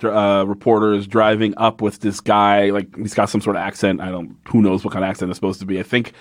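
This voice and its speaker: A man's voice: lowish voice, fast, dry recording, studio quality. A man hosting a podcast, recapping an old TV show in a casual, sarcastic and profane way. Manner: animated, profane, sarcastic retelling. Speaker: podcast host. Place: podcast studio.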